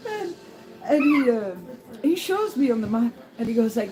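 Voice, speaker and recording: A woman's voice: on the high side, lively intonation, unhurried, long pauses, over music, rough recording. A woman chatting through her day as a walking pilgrim, rambling and laughing as she acts out the people she met. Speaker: pilgrim vlogger. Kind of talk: casual spoken travel diary.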